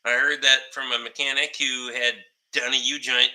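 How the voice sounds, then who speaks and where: A man's voice: medium pitch, level tone, normal speed, bright, forceful tone, rough recording. A man telling rambling shop stories in casual podcast chat, swearing constantly and laughing as he goes. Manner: laughs through his stories. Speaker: podcast host.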